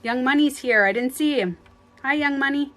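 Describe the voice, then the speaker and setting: A woman's voice: high-pitched, moderate pace, a bit bright, soft background music. A woman hosting a casual phone livestream from home as a spiritual life coach, talking earnestly, rambling and often laughing.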